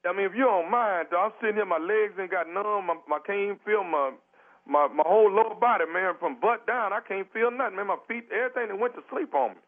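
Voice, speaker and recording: A man plays a desperate guy stranded on a toilet in a prank phone call. His high voice races through pleas full of "man" and "dog". It all comes through a thin, tinny phone line. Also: quick pace. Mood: pleading. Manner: pleading, repeats "man" and "dog".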